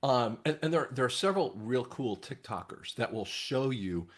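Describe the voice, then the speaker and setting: A man talking casually to his viewers in a rambling monologue, often restarting his sentences. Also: normal speed. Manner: rambling, frequent restarts, animated swings in pitch. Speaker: online commentator.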